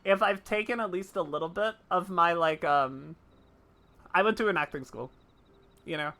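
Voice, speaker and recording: A woman's voice: on the low side, normal speed, fairly bright tone. Giggly, chatty woman streamer. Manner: giggly, chatty, answers chat. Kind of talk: live game stream chat.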